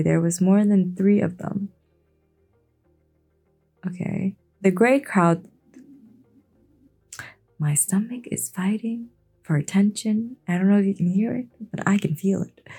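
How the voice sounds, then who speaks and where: Give me a hesitant, chatty woman reading a bedtime fantasy story in a mellow, dark voice. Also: on the low side, vocal fry. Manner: laid-back, hesitant, self-interrupting. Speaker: bedtime reader. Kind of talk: late-night fantasy reading with chatty asides.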